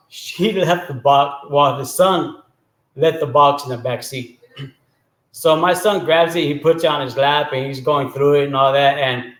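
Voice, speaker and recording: A man casually telling a joke story as the host, talking in a chatty way and often clearing his throat. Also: mid-range voice, fairly bright tone, reverberant, rough recording.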